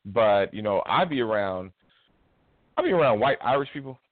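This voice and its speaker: A man's voice: on the low side, moderate pace, dry recording. A man co-hosting a radio talk show, telling stories in casual talk and acting out what others said. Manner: expressive storyteller, acts out quotes, restarts often. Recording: tinny phone-like, dry.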